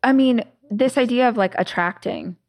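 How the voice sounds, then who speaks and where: A woman's voice: on the high side, moderate pace, darkish tone. A woman hosting a podcast, talking casually and telling stories with lots of fillers and restarts. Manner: chatty storyteller, many "like"s and restarts. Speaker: podcast host. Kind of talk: casual conversation.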